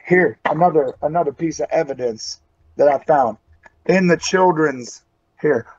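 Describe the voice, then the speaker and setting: A man's voice: a little high, measured pace, a little mellow. A man from West Virginia cutting an intense, folksy in-character wrestling promo. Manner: folksy and intense, calls people brother. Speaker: pro wrestler. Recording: dull lo-fi audio.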